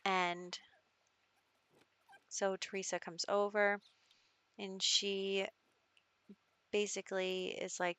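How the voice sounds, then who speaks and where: A woman's voice: medium pitch, flat delivery, slow, long pauses, fairly bright tone, clean tone, no room sound. A young woman casually narrating her gameplay as the show's host, telling the story in a chatty way with fillers. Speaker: gaming video host.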